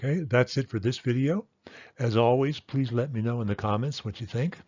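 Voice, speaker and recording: A man teaching a language lesson, explaining patiently and repeating example words slowly and carefully. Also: mid-range voice, a little mellow, no room sound. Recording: dull lo-fi dry sound.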